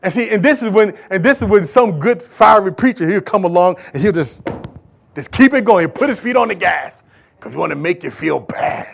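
A man preaching a sermon, moving from quiet, conversational asides to loud, shouted exhortation, with casual folksy remarks. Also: high-pitched, animated, normal speed, creaky. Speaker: pastor.

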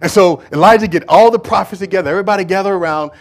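A male preacher with a high voice tells a Bible story in a lively, conversational sermon. He swings between raised, urgent lines and hushed asides. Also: very fast. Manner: animated storytelling, acting out biblical figures.

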